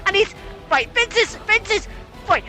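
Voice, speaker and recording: A British man hosting a comedy show, swearing and ranting in exasperation with sudden shouts. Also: extremely high pitch, expressive, moderate pace, soft background music, poor audio. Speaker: host. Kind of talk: comedic rant.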